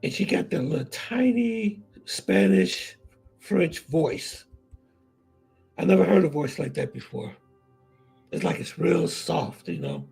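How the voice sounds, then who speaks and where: Dude on a livestream, raspy husky voice, kinda high, keeps repeating stuff, faint music in the back. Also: male voice, big pitch swings, takes it slowly, a little mellow, rough recording. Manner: repetitive, emphatic, talks to viewers and chat. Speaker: vlog host. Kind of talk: casual livestream chat.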